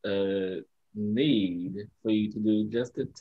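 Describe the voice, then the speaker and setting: A man in a casual spiritual chat, speaking haltingly as he searches for words. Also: lowish voice, phone-quality sound.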